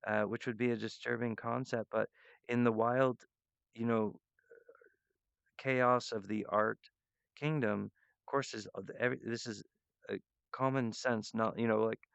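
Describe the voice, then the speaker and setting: A man rambling earnestly and emotionally to his viewers, halting often with restarts and fillers. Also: mid-range voice, fairly even intonation, creaky, clean tone, no room sound, lo-fi sound. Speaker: artist addressing viewers. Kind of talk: rambling direct-to-camera monologue.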